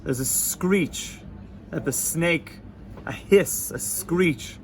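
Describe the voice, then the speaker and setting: A man, teaching an informal Torah class to students, animated and joking, sprinkling in Hebrew and Yiddish terms. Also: on the high side, extremely slow, a little hiss or hum. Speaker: yeshiva rabbi teaching students.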